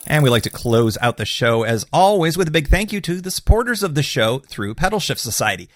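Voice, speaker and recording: A man's voice: fairly high pitch, very animated, a little fast, fairly bright tone. A man hosting a podcast, talking in an upbeat, chatty way with fillers and laughs. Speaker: podcast host. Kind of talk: casual podcast talk.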